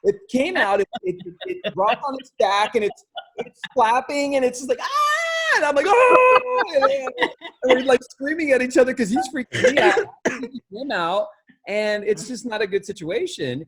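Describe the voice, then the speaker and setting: A man telling a funny story in a casual group chat, excitable and animated. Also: extremely high pitch, moderate pace, crowd noise. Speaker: guest storyteller.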